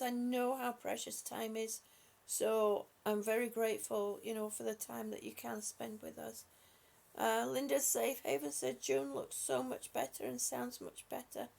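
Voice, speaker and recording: A woman hosting a live stream, speaking softly and affectionately to her viewers with halting, repeated words. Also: on the high side, steady tone, creaky. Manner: soft, affectionate, calls viewers honey and sweetie. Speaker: livestream host reading viewer comments. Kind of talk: slow casual live chat.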